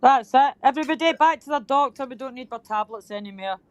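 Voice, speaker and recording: A woman's voice: sits high, quick pace, heavy background noise. Teasing, foul-mouthed woman. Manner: swearing, teasing banter with laughs. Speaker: livestream host. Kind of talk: casual chat.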